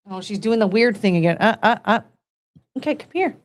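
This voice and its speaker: A woman's voice: medium pitch, lively intonation, fairly quick. A woman in her thirties hosting a casual chat podcast, chatty and giggly, rambling with plenty of fillers. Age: 30s. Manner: giggly, chatty, frequent laughter. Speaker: podcast host.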